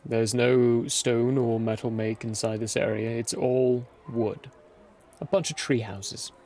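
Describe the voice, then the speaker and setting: A man's voice: mid-range voice, steady tone, slow, darkish tone. A man narrating a tabletop game as game master, describing scenes while searching for words.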